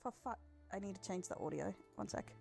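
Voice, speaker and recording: A woman's voice: mid-range voice, fairly quick, creaky, a little mellow, faint music behind. Foul-mouthed Australian woman streamer. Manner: swearing, teasing her chat. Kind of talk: live-streamed gameplay chat.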